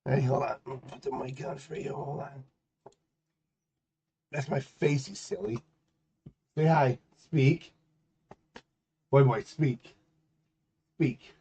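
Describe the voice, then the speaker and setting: A young man streaming games, chatting casually, coaxing his dog in baby talk and ranting loudly when annoyed. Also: medium pitch, fairly even intonation, slow pace, pauses often, slightly rough, dull audio. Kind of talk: casual livestream chat.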